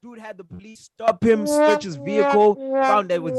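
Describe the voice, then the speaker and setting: A man's voice: high-pitched, lively intonation, moderate pace, over a noisy crowd. A man co-hosting a casual podcast, telling a story in a heated, emphatic, profane way. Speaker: podcast co-host. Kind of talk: casual chat.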